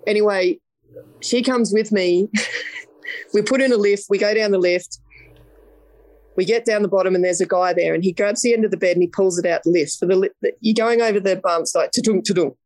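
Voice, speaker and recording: A woman's voice: medium pitch, brisk, a little mellow, no echo. An Australian woman, a podcast guest, telling a story in a casual interview, blunt and vivid, acting out the quoted dialogue.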